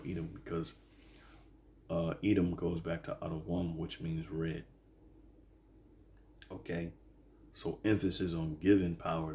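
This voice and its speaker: Very deep-voiced man teaching scripture. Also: darkish tone. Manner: halting, many fillers and "all right"s; reads verses slowly then explains. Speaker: bible teacher.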